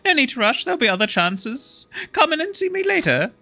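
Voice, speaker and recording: A woman's voice: sits high, very animated, brisk, pushed and bright, faint music behind, voice pushed up, heavily acted. A woman voicing a snobbish wealthy male investment tycoon in a haughty, pompous manner. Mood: smug.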